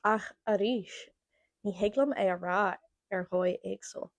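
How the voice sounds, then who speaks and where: A chatty Irish woman hosting her own podcast, talking casually and repeating words to show how she says them. Her voice sits at an ordinary middle pitch for a woman. The sound is close and dry, with no room around it. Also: normal speed, no room sound. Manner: chatty, demonstrating word pronunciations. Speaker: podcast host. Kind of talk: casual chat.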